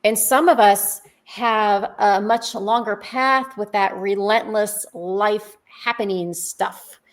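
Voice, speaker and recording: A woman co-hosts a faith podcast from a podcast studio, speaking slowly in a medium-pitched voice with fairly even intonation. Her conversational talk is reflective and explanatory, dotted with rhetorical questions.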